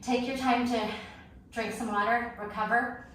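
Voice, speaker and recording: A woman's voice: fairly high pitch, fairly even intonation, measured pace, a bit bright. A woman fitness instructor, out of breath, calling out short, clipped exercise cues through a workout class. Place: home workout space. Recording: echoey room from far off, faint noise.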